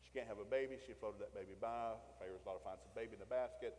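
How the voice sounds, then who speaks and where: Fast-talking preacher in a hall. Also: male voice, on the low side, fairly even intonation, darkish tone. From Tennessee, USA. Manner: folksy storytelling with acted quotes. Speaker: pastor. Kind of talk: sermon. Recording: long hall reverb.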